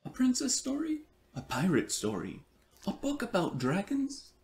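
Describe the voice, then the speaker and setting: A man voicing an eager, curious young girl in a storybook reading, asking excited questions. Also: high voice, a little slow, slight background noise, pitched above the performer's own voice, exaggerated voice.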